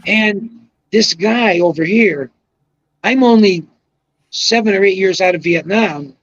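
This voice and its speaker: An older man in his seventies with a fairly high voice rambles through a long anecdote and leans hard on his emphatic asides. The sound is dry and close, with a dull, lo-fi edge. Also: slow, a bit bright, dry recording. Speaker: guest, retired pro bowler. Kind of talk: casual storytelling on a podcast.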